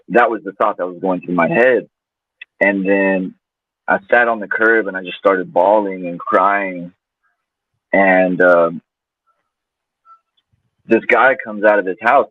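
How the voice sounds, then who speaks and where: A man's voice: sits low, slightly rough, no echo. A man guest telling a personal story in a loose, casual way, full of fillers. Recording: tinny phone-like line, dry.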